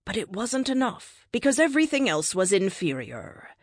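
A woman's voice: mid-range voice, big pitch swings, normal speed, dry recording, clean studio sound, pitched above the performer's own voice. A woman voicing a questioning, frustrated cosmic being in a science fiction story, asking pressing questions. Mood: insistent. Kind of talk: audiobook character reading.

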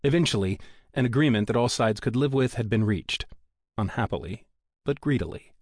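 A man's voice: mid-range voice, a little fast, a little mellow, no echo. Man narrating an audiobook, dry sound. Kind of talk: scripted narration.

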